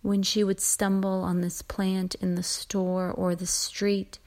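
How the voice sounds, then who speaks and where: A woman from the United States reading her own poem in a measured, lingering way, with line ends fading into a breathy whisper. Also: mid-range voice, little pitch movement, a little mellow. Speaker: poet. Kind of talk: poetry reading.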